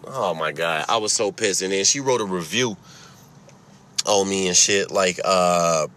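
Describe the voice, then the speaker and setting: A young man casually telling a story, profane and laughing, getting heated and loud as he goes. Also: low voice, unhurried.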